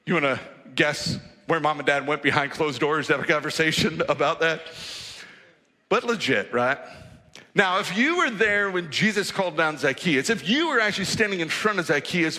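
A male pastor preaching in a church hall, with a bright, fairly high voice. He tells the story in an animated, conversational way, and his words trail into long reverb. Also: measured pace. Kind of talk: sermon.

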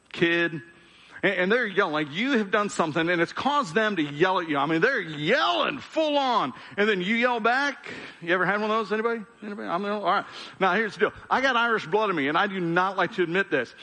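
Middle-aged guy pastor preaching, sharp bright voice, kinda high, lots of stammered restarts, big echoey church hall. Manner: earnest, conversational, stammers on restarts, rises to emphatic and drops to soft. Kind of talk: sermon. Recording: long hall reverb.

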